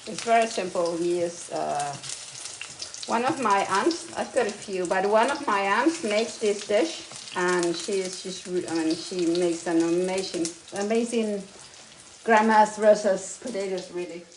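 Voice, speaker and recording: A woman from Spain, chatting casually while cooking in a home kitchen and giving short, relaxed replies. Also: mid-range voice, unhurried, echoey room, slight background noise, poor audio. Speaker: cooking video co-host.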